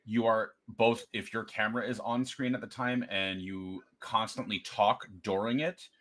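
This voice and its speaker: A man's voice: lowish voice, fairly even intonation, moderate pace, fairly bright tone. A man co-hosting a casual livestream movie review, chatty and agreeable, filling in scene details. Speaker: co-host.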